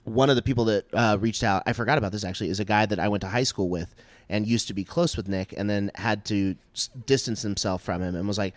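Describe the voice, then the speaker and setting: A man's voice: on the low side, dry recording. A man co-hosting a comedy podcast, telling crude, rambling stories and often breaking into laughter. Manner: rambling, crude storytelling, quick bursts of laughter. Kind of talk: casual chat.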